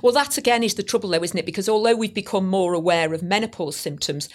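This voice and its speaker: A woman's voice: medium pitch, fast. A woman chatting casually on a podcast, rambling and poking fun at herself. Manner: chatty, rambling, self-mocking. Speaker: podcast guest. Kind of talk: casual chat.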